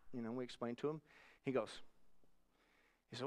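A man preaching a sermon, telling a story with animated delivery and shouted quoted voices. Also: mid-range voice, fast, clear, resonant tone.

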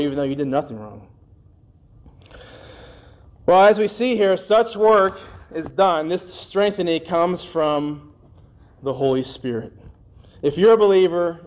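A man preaching a sermon in a conversational way, with folksy asides, and slowing down on scripture phrases. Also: on the high side, darkish tone. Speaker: pastor.

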